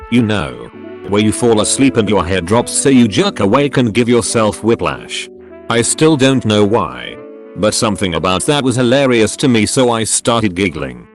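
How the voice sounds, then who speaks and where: A man reading online anecdotes aloud as scripted narration, going straight through first-person posts and their edit notes. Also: lowish voice. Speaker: narrator of reddit stories.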